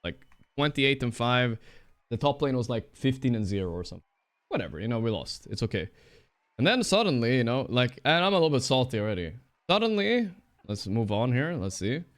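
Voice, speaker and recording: A man's voice: medium pitch, sing-song, brisk. A male streamer giving a casual rant to his chat, defensive and profane, explaining himself with lots of fillers and repeated "you know".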